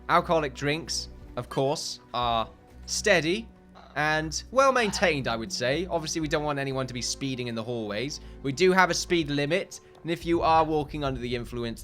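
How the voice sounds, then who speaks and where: A man talks over his game footage in a rambling, joking way, laughing at himself as he goes. His voice sits in an ordinary middle pitch, and quiet music plays underneath. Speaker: gaming video host. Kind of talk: let's play commentary.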